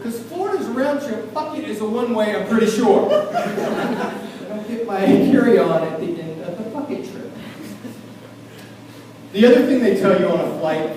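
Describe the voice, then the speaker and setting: A man from small-town Maine doing a loud, self-deprecating stand-up set on a club stage, yelling his punchlines. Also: high voice, expressive, brisk, noisy background. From small town in Maine, USA. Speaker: stand-up comedian. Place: comedy club stage in a large room. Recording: echoey club room from far off, audience crowd.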